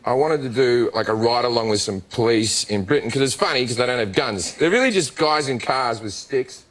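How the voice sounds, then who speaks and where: A man's voice: medium pitch, brisk, slight background noise. Australian man telling a comic story. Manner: animated storytelling, laughs mid-sentence, acts out other voices. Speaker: comedian guest on a talk show. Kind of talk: comic anecdote on a talk show. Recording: talk show clip with loud studio audience. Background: studio audience laughter.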